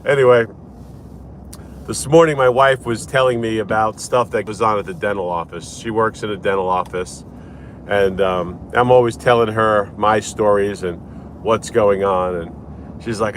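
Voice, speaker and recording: Behind the wheel, a man who works as a lawyer chats through a morning vlog at a moderate pace, his voice fairly low with a faint hiss or hum in the background. The retelling is animated and rambling, with repeated restarts.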